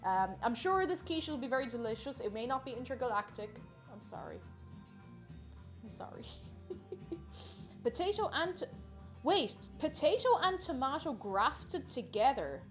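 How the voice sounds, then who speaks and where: A woman's voice: high-pitched, sing-song, unhurried, pauses often, faint music behind. A woman chatting casually and giggling as she cooks at home and greets her viewers by name. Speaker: cooking livestreamer. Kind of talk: casual cooking livestream chat. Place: home kitchen.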